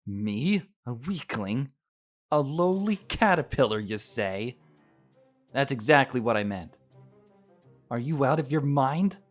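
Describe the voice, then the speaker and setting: A man's voice: mid-range voice, animated, slow pace, pauses often, faint music behind, voice pushed up. Man voicing a big clumsy bear. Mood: outraged. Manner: blustering, then sheepish. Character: big clumsy hot-tempered male bear.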